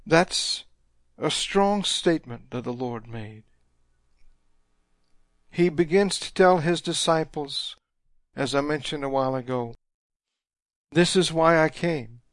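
In a clean studio recording with no room sound, a man with a fairly high voice preaches a sermon. He reads scripture slowly and emphatically, then retells it in plain paraphrase, including the dialogue.

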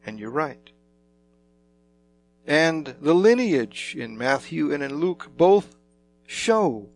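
Male preacher, sermon, slow and emphatic, gravelly, faint guitar behind. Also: fairly high pitch. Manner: slow, emphatic, dramatic swings in loudness.

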